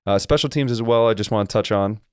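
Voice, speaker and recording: A man co-hosting a casual sports podcast, explaining football line play in quick, detailed technical breakdowns. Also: on the low side, smooth, no room sound, studio quality. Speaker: podcast co-host and former lineman.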